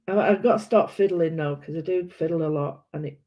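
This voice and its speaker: This British woman has a deep voice and speaks a touch quickly as she colours for her art vlog. Her talk is casual and meandering, full of self-corrections, captured in muffled lo-fi audio.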